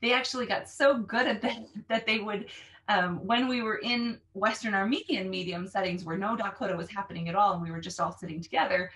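A woman language teacher explaining how she runs her classes, animated and acting out phrases with exaggerated intonation. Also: medium pitch, a little fast, distant mic, slight background noise.

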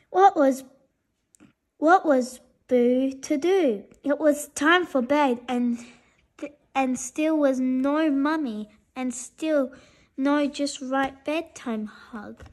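A woman reading a children's bedtime story aloud, gentle and expressive, with small slips. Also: sits high, slow.

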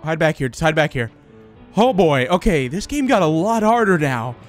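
High, jumpy young male gamer. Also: moderate pace, soft background music. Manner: jumpy and excitable, switching between hushed whispers and panicked yelps. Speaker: gaming YouTuber. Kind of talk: horror game commentary.

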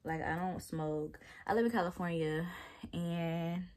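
A woman's voice: on the low side, steady tone, a little slow, darkish tone. A woman in her twenties with a Southern American accent, chatting casually to her viewers with playful asides and laughs. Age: 20s. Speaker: vlogger. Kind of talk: casual chat while taking down twists.

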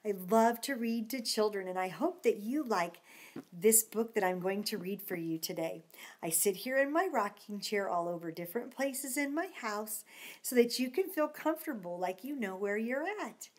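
A woman's voice: mid-range voice, expressive, normal speed. An older woman, a grandmother, introducing a story for children in a chatty, friendly read-aloud way from her rocking chair at home.

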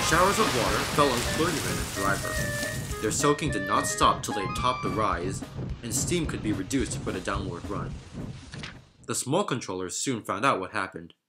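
A man with a low voice narrates a storybook, his pitch moving in lively swoops through the sentences. His reading is expressive and animated. Loud music plays behind him.

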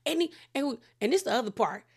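A woman's voice: quick pace, slightly rough. Chatty opinionated woman recapping TV. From Washington DC area. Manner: chatty and opinionated, pitch jumping up when excited. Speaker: reality TV recap host. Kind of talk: casual recap commentary.

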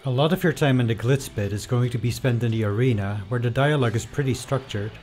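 A man narrating a casual video essay, his delivery wry and chatty. His voice sits at a middle pitch, with faint music underneath. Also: fast talker, darkish tone.

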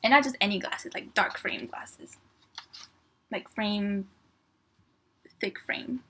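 A woman vlogger chatting casually through an unboxing, gushing with excitement and reading printed lines aloud, sometimes sinking to a soft near-whisper. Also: medium pitch, slow pace, a little hiss or hum. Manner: gushing, excitable fan talk.

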